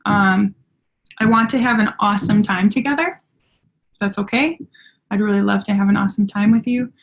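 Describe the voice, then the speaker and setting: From home by a window, a woman leads a live team training session over a video call on her computer, her Upper Michigan accent coming through at medium pitch and moderate pace. She's upbeat, talkative, and quick to laugh at herself, but the audio quality is poor.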